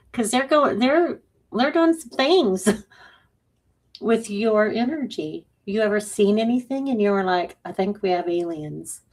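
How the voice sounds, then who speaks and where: A woman's voice: a little high, darkish tone. A woman co-hosting a live stream, joking loosely and answering viewer questions about spiritual signs. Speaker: co-host and intuitive reader. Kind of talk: casual live-stream chat.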